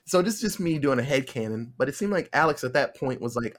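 A man's voice: on the high side, fast, few pauses. A young man hosting a podcast, casually retelling a film's plot in a laid-back, swearing manner, often acting out the characters' lines. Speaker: podcast host.

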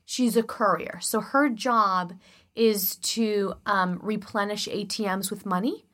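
A woman's voice: medium pitch, steady tone, slow, fairly bright tone. A woman in her thirties from Chicago co-hosting a podcast in casual chat, with a forward, musical-theater voice. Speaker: podcast co-host.

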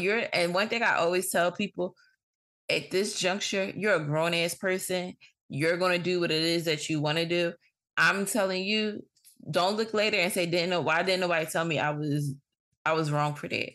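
A woman's voice: fairly low pitch, a bit bright. Blunt, swearing woman podcast host. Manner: blunt, frank, swears freely. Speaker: podcast host giving advice. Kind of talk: casual advice monologue.

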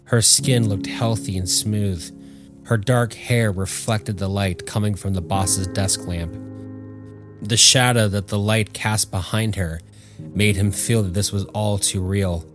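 A man narrating a story in a measured, steady audiobook style. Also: on the low side, music in the background.

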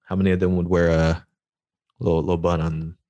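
A man with a very deep voice co-hosts a podcast and keeps the chat loose, teasing and jokey. His voice sits close and dry on the mic. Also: level tone, fairly quick, dark tone, no room sound, lo-fi sound. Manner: joking, teasing, loose and chatty. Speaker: podcast co-host.

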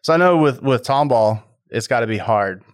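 A man's voice: medium pitch, animated, normal speed, no echo, studio quality. A man hosting a podcast interview, chatty and enthusiastic as he talks about marketing. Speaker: podcast host.

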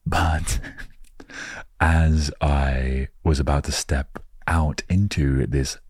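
An Englishman hosting a relaxed storytelling podcast, rambling playfully with jokey asides into a close microphone. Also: very deep voice, drawn-out words, slightly rough, dry recording. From England. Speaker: podcast host.

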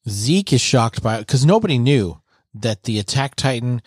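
Swearing podcast co-host, dry sound. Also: male voice, medium pitch, expressive, moderate pace, darkish tone, slightly rough, no room sound. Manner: retells scenes, swears freely. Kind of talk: casual review chat.

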